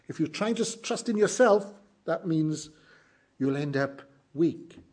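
A middle-aged man preaching a sermon, earnest and emphatic, moving between loud exclamations and hushed lines. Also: sits high, husky.

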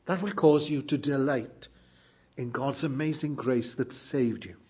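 A middle-aged man preaching a sermon, earnest and emphatic, moving between loud exclamations and hushed lines. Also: medium pitch, a little slow, breathy edge.

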